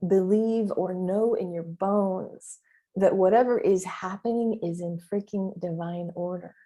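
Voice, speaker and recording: A middle-aged woman with a warm, mellow voice talks through a casual solo podcast episode. Her delivery is emphatic and animated, dotted with mild swearing and quick quoted asides of her own thoughts. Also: lowish voice. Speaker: podcast host and business mentor.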